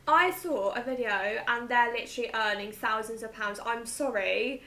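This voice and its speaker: A woman's voice: on the high side, moderate pace, sharp tone. A young woman gossiping with a friend while doing her makeup, bubbly and laughing often. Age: young adult. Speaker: co-host. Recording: echoey room with faint noise.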